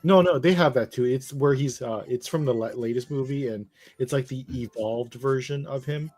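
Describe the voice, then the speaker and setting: A man's voice: medium pitch, normal speed, darkish tone, soft background music. A man co-hosting a casual chat, talking hesitantly with many restarts and fillers.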